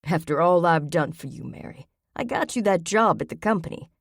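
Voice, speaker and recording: A woman's voice: on the low side, expressive, a little fast, breathy edge, dry recording, studio quality. A woman voicing a blustering, threatening middle-aged man who bullies those around him. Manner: hostile, bullying.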